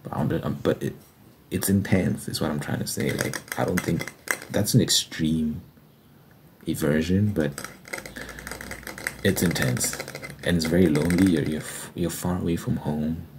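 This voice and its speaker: A young man hosting an ASMR video, telling a rambling, candid story in a casual way and sometimes dropping to a soft near-whisper. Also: rumbling low, fairly even intonation, noisy background. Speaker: ASMR channel host. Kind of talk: casual storytelling over fast tapping ASMR. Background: fast tapping and typing sounds.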